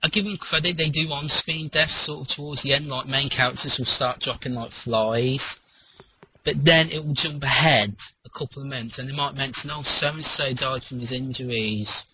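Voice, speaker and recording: Husky man rambling in casual chat. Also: mid-range voice, normal speed. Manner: rambling, animated, swears freely. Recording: muffled lo-fi recording.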